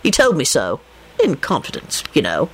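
Sardonic young man, bored and cutting; low, flat delivery, as a woman narrator puts him on. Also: moderate pace, slightly rough, heavily acted, poor audio. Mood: dry. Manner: low, dry, deadpan. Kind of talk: audiobook narration.

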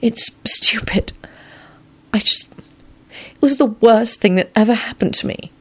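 A woman voicing an emotional, excitable young woman who speaks high and frantic. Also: normal speed, vocal fry, breathy edge. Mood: miserable.

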